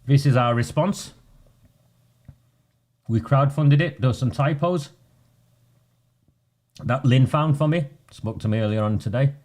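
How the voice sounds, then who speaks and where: Blunt campaigner. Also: male voice, mid-range voice, unhurried, pauses often, a little mellow. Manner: blunt, combative, chatty. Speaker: local campaigner. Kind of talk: casual campaign video.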